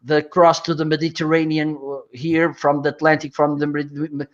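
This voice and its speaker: A man's voice: on the high side, flat delivery, normal speed. Hesitant man from Portugal, muffled audio. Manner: searches for words, hesitant, many restarts. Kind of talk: casual group chat on a video call.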